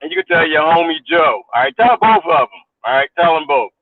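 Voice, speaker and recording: A man's voice: fairly high pitch, quick pace. A man ranting in a casual vlog, mocking and laughing often, repeating his points. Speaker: vlogger. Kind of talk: casual rant to camera. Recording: tinny phone-like dry sound.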